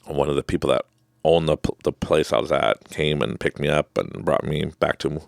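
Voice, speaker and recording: A man with a rumbling low, creaky voice hosts a podcast at a moderate pace, recorded in studio quality with no echo. He tells a personal story casually and with animation, acting out his own reactions and laughing often.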